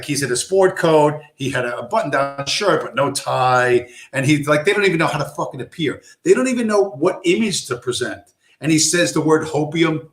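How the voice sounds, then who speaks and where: Stream host, man, combative and sarcastic, roomy sound. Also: medium pitch. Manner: profane, aggressive, sarcastic. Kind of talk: ranting live-stream commentary.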